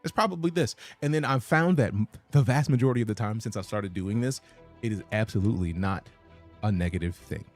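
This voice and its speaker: A man's voice: on the low side, a little fast, soft background music. A man streaming a game, chatting casually and profanely while reading out his chat. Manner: casual, profane, reads chat messages aloud.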